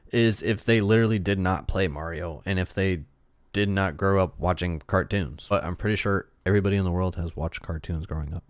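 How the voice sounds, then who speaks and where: A man's voice: low voice, no echo, clean studio sound. A man giving casual reaction commentary, sarcastically arguing back at critics and rambling with restarts. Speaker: YouTube movie commentator.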